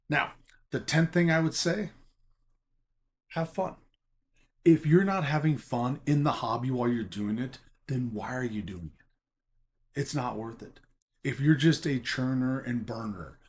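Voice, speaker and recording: A man talking casually to camera about collecting and selling trading cards, emphatic and chatty, often checking in with "okay?". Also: medium pitch. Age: adult teaching a college class. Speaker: Pokémon card collector and seller.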